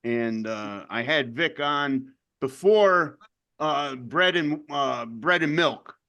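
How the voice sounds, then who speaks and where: A man's voice: medium pitch, lively intonation, slow pace, pushed and bright. A man hosting an interview show, talking in a laid-back, easygoing way. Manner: laid-back, laughs easily. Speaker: host. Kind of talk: casual interview chat.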